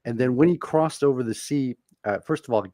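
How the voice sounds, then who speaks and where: A man's voice: medium pitch, a little fast, mellow, dry recording, clean studio sound. A French Canadian man telling stories in a casual podcast chat, earnest and explanatory. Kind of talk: casual storytelling.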